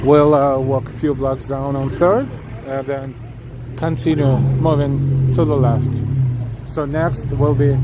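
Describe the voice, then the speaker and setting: A man hosting a live walking tour stream, talking casually and effusively to viewers with lots of restarts and fillers while he walks. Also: fairly high pitch. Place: city streets outdoors at night. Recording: noisy outdoor street recording. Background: street traffic noise.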